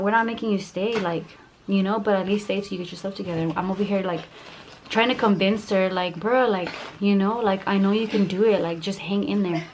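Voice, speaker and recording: A woman's voice: medium pitch, a little hiss or hum. A young woman telling a heated storytime vlog, profane and full of "like" fillers. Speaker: YouTuber.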